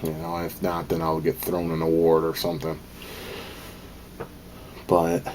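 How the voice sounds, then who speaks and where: A man's voice: sits low, a little mellow, slight background noise. A man talking casually to camera in a vlog, rambling with lots of ums and slipping into profane venting, a little out of breath. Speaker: vlogger.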